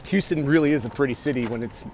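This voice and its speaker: A fast-talking man with a mid-range, darkish voice films himself on a city bike ride, with outdoor noise behind him. His casual vlog story rambles and swears, full of restarts and self-talk.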